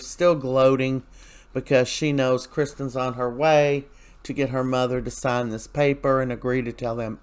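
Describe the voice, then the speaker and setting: Man, soap recap host, chatty, rambling, lots of ums, mid-pitched voice. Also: clear, resonant tone. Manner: chatty, rambling, with many fillers and quoted lines. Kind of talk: casual spoken recap.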